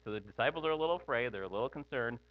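A man's voice: medium pitch, expressive, very fast, dry recording. A middle-aged man preaching a sermon in a conversational way, thinking aloud with frequent asides. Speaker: pastor. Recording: tinny phone-like sound with mains hum.

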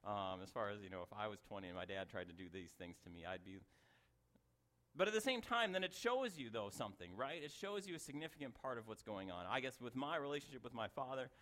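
A middle-aged pastor with a mid-range, slightly bright voice preaches conversationally at a quick, animated clip. He keeps breaking off into asides and chuckling at himself.

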